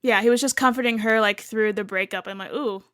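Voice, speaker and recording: A woman's voice: medium pitch, fairly even intonation, fairly quick, a bit bright, no echo, studio quality. A woman co-hosting a podcast, chatting casually about a reality show and laughing often. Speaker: podcast co-host. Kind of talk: casual recap chat.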